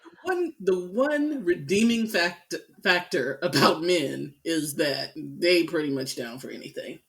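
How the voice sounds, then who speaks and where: Lively-toned, candid woman co-host. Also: fairly low pitch, measured pace, gravelly, slightly rough. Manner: chatty and candid, lots of fillers. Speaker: podcast co-host. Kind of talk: casual chat.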